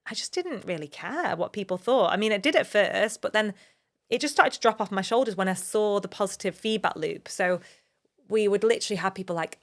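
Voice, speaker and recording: A woman in her thirties from England talks on her solo podcast in an open, earnest, motivational way. Her pitch sits in a middle range, and she speaks candidly, drawing on her own experiences to urge listeners on. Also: lively intonation, brisk. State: emotional at times. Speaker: podcast host.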